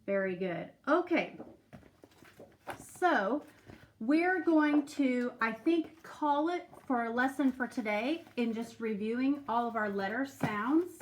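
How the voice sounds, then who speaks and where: Slow, patient woman teaching phonics. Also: a little high, lively intonation, slight background noise. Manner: slow, patient, sing-song prompting with stretched-out sounds. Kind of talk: remote phonics lesson for young children.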